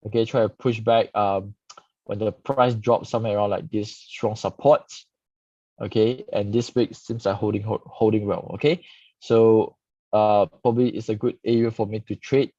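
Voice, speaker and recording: A man's voice: on the low side, steady tone, moderate pace, mellow, dry recording. Man explaining stock charts, lo-fi. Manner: frequent "okay" tags, casual explaining. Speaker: stock market analyst host. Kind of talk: live stock chart review. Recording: dull lo-fi dry sound.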